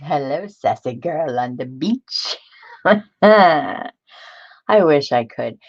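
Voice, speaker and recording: A woman's voice: deep voice, lively intonation, drawn-out words, muffled recording. A woman hosting a casual live stream, chatty and laughing often as she greets viewers by name. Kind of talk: casual live-stream chat while crafting.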